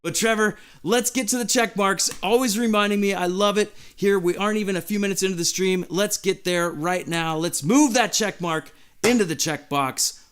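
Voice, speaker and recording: A man hosting a live stream, giddy and out of breath, reading chat messages aloud in an excited chat. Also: high voice, normal speed, hardly any pauses, smooth.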